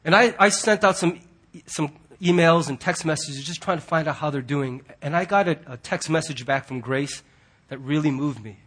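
A man preaching a sermon in an earnest, husky voice that sits high for a man. He presses hard on key words, then drops to a hush. His talk is that of a pastor before his church. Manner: earnest, swings from loud emphasis to hushed quiet.

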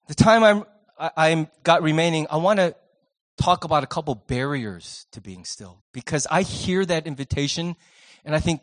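Middle-aged male pastor, sermon delivery, slightly high voice, lively shifts from punchy to hushed. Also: normal speed. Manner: animated, swings from loud emphasis to soft near-whispers. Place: church sanctuary.

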